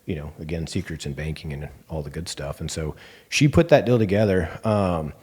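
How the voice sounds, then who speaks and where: Deep, mellow Texan man telling stories. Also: a little fast, slightly rough. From Texas Panhandle. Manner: animated, acts out quoted dialogue with many fillers. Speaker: bank CEO, guest. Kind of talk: casual interview storytelling.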